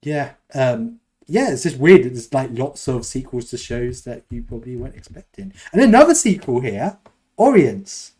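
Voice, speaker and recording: A man's voice: medium pitch, big pitch swings, normal speed, dark tone, slightly rough. Rambling self-deprecating British man. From United Kingdom. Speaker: podcast co-host. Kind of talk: casual chat.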